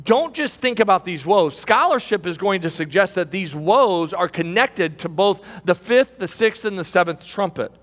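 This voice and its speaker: A high-pitched man delivers a sermon from a pulpit in a church. He moves between soaring, loud cries and hushed, low passages, and he often repeats phrases. His voice carries a long reverb through the large hall. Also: expressive, moderate pace, few pauses. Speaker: preacher. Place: church sanctuary.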